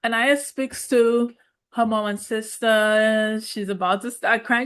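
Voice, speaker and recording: A woman's voice: a little high, fairly even intonation, a little slow, a bit bright, clean tone. A woman in a casual, sassy reality TV recap, with speech and playful, opinionated asides. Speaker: reality show recap host.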